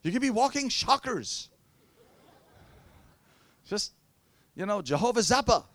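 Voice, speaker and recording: A man's voice: very high voice, animated, measured pace, creaky, pauses often, a bit bright, no echo. A man preaching a sermon, telling playful stories and acting out quotes. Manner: playful storytelling with acted-out quotes.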